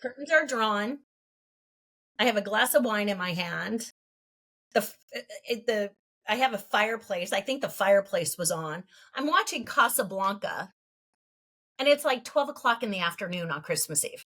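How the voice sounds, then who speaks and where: A woman's voice: medium pitch, animated, pushed and bright. Woman in her fifties, earnest storyteller. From California. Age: 50s. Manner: earnest, halting, laughs between thoughts. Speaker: podcast guest. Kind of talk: candid personal storytelling.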